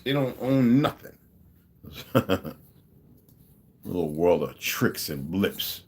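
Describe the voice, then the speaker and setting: A man's voice: fairly low pitch, lively intonation, slow pace, long pauses, a little mellow, a little hiss or hum. A man hosting a livestream, talking in a casual rambling monologue and acting out the people in his stories. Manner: storytelling, acting out quoted dialogue. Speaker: livestream host.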